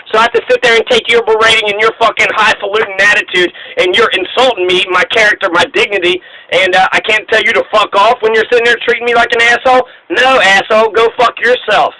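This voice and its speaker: A man's voice: sits high, steady tone, fast talker, pushed and bright, low-quality recording. A man ranting angrily about politics and the news, swearing freely and taking a sarcastic tone. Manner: angry, profane, sarcastic. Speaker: political commentator. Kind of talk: profane ranting monologue.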